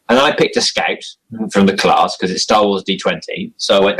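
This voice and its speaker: A man's voice: on the low side, fast, hardly any pauses, a bit bright, breathy edge, low-quality recording. A young man chatting casually as an interview guest about his role-playing game character, rambling and self-deprecating with frequent chuckles. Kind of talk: casual chat.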